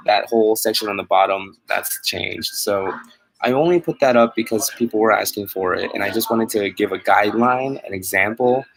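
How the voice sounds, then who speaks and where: A man chats casually on a live stream, earnest and a bit rambling, restarting his phrases and laughing now and then. His voice sits at an ordinary pitch with a gravelly, fry-touched texture. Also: rough recording. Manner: earnest, rambling, self-correcting, laughs often. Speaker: dog groomer hosting a live chat.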